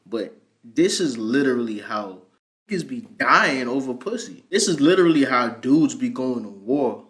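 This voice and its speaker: A man giving reaction commentary in an animated way, swinging between loud high bursts and low murmurs. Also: moderate pace.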